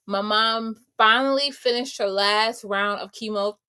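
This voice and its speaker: A woman's voice: on the high side, moderate pace, noisy background. A young adult woman life coach telling her viewers a story in a casual, emphatic way, often calling them y'all.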